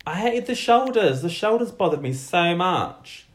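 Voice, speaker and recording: A man co-hosting a podcast, giving blunt, quick opinions in casual chat. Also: sits high, big pitch swings. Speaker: podcast co-host.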